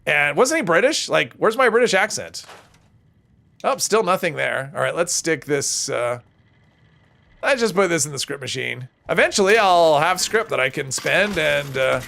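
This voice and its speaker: Chatty gravelly-voiced man streaming a game. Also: on the high side, pushed and bright. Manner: rambling, chatty, often restarts and corrects himself. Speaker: live streamer. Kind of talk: casual gameplay commentary while reading chat.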